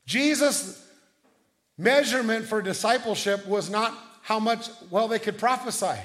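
A middle-aged man preaching a sermon as pastor, telling stories in a conversational way with quick restarts. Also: high voice, a bit bright.

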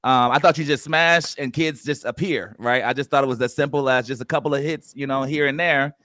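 A man's voice: medium pitch, fairly quick, a bit bright, no echo, studio quality. A man hosting a casual podcast chat, playful and loose, with plenty of fillers as he leads the talk. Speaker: podcast host.

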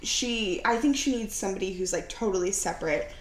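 A woman's voice: mid-range voice, fairly quick. Brief: young woman podcast co-host, rambling casual chatter, recorded in an echoey room. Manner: rambling, heavy use of "like". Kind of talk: casual chat.

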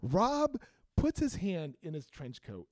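A high-voiced man tells a story in casual chat, his pitch swinging widely as he acts out what people said. He is a teacher and band director. The sound is dry and close. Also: slow, no room sound. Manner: animated, acts out quotes with big pitch jumps.

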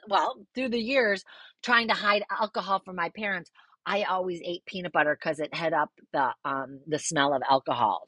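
A middle-aged woman tells a wild personal story on her podcast in a casual, animated way, cursing freely and playing out what people said. Her voice is bright and sharp, recorded close and dry with no room sound. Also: fairly low pitch, no echo. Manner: animated, swears freely, acts out quoted voices.

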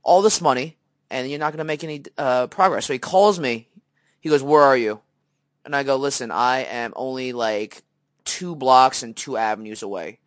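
A man's voice: medium pitch, moderate pace, no echo. A young man co-hosting a podcast, telling a story in a casual way, acting out the voices in it, with many fillers. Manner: animated storyteller, acts out quoted dialogue, many fillers. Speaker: podcast co-host.

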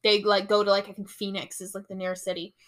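A woman's voice: mid-range voice, level tone, quick pace, fairly bright tone. A young woman hosting a casual podcast, retelling a novel's plot with quoted voices and frequent swearing. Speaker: podcast host. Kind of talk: casual book recap chat.

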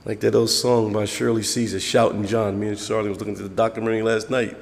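Gravelly preacher in an echoing hall. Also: male voice, fairly low pitch, little pitch movement. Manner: conversational preaching, acting out church members in quick voices. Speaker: pastor. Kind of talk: sermon.

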